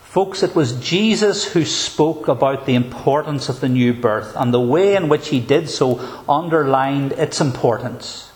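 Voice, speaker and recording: A man, a pastor, preaching a sermon in an emphatic, measured way with deliberate pauses. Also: mid-range voice, a little mellow.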